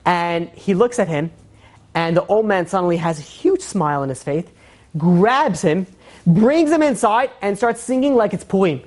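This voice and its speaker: Male rabbi, storyteller, animated, acts out his characters, loose and chatty. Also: high-pitched, normal speed. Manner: frequent fillers and restarts. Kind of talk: storytelling sermon.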